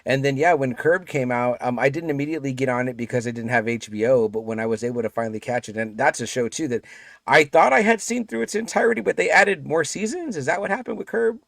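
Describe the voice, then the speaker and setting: A man's voice: medium pitch, fast talker, gravelly, a bit bright, no echo, studio quality. A man in his forties, a podcast guest, chatting casually and rambling with lots of fillers and restarts. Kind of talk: casual chat.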